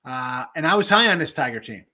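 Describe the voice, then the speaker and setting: Animated and forceful, with a bright tone and fairly high pitch, a sports betting show host speaks fairly quickly as he reads viewer comments. The livestream chat is casual and keeps jumping between topics.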